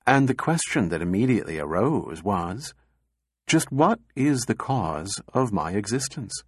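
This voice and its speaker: Male reader voicing a calm reasoning robot, quiet and measured, dry close sound. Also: mid-range voice, dry recording. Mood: placid.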